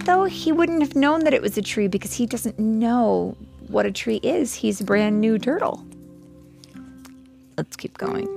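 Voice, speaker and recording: A woman's voice: on the high side, vocal fry. A woman reading a storybook aloud to a child, stopping now and then to chat about the story. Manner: slow, animated, stops to chat with the child.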